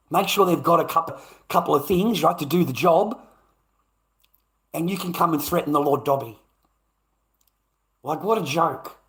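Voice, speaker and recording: A man's voice: a little high, a bit bright. A man hosting his own channel, ranting on a livestream in a confrontational, sarcastic way, swearing and repeating himself. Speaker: channel host. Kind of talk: livestream rant.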